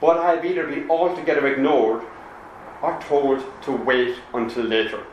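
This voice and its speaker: A man voicing an earnest gay Presbyterian man from Belfast, in a Belfast accent, reading slowly and deliberately. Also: medium pitch, fairly even intonation, highs cut off, a little hiss or hum, lightly acted. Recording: echoey room.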